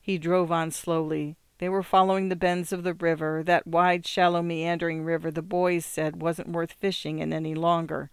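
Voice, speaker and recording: An audiobook narrator reading literary fiction in a steady, measured way. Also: mid-range voice, clean tone, dry recording. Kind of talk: scripted narration.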